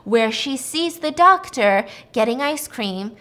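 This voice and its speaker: Podcast host, young woman, fairly high, chatty movie recap. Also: takes it slowly. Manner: chatty, animated, lots of fillers. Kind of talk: casual movie recap storytelling.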